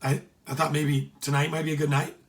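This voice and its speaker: A man's voice: on the high side, little pitch movement, a little fast, natural voice. A nervous teenage boy who hesitates and stammers, as a man reads him in a story. The voice stays close to the reader's own.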